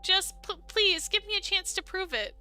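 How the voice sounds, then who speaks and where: A woman's voice: very high-pitched, lively intonation, normal speed, sharp tone, voice pushed up, full character voice. A woman voicing a tearful, lovesick young woman in a dating game, pleading and emotional.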